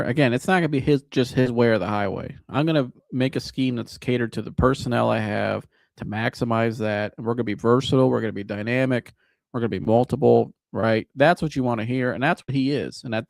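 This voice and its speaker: Casual gravelly-voiced sports show host. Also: male voice, mid-range voice, brisk, no echo, clean studio sound. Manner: animated, casual, joking and swearing. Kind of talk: live sports reaction show.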